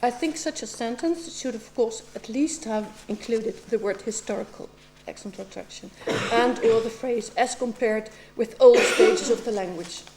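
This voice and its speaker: Brief: woman examiner, academic questioner, fairly high voice, measured and precise, faint background noise. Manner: measured and precise, with occasional ums. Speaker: examiner at a doctoral defense.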